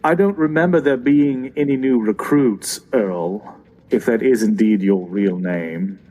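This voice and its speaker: A man's voice: mid-range voice, a little slow, dark tone, voice pushed down, close to an everyday voice, rough recording. A man voicing a sneering masked villain boss. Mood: haughty. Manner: haughty, mocking.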